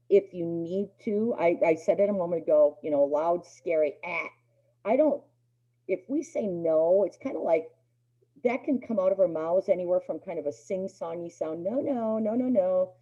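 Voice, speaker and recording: A woman's voice: fairly low pitch, mellow. A middle-aged woman teaching a dog obedience class in a chatty lecture, acting out the dogs' thoughts in playful voices. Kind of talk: casual spoken lecture to a class. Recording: dull lo-fi recording.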